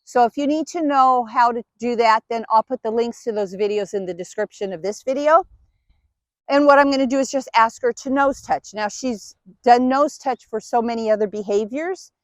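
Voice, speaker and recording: A woman's voice: on the high side, normal speed, no echo. A woman dog trainer patiently explaining each step while giving cues and praise to her dog. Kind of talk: instructional demonstration.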